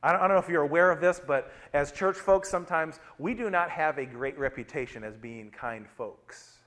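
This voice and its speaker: A middle-aged pastor with a somewhat high voice preaches at normal speed in a conversational way. He blends personal stories with scripture, shifting his loudness often.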